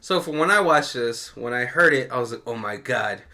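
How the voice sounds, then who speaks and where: Bright-voiced man recapping a movie. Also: medium pitch, a little fast. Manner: animated storytelling with frequent laughs. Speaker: podcast co-host. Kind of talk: casual movie commentary chat.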